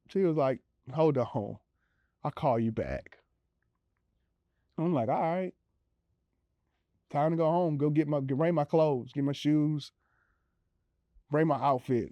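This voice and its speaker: A man telling his own story in a relaxed, conversational way, with many fillers and acted-out quotes of other people. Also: mid-range voice, moderate pace, gravelly, pauses often, no echo, highs cut off. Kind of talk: personal storytelling.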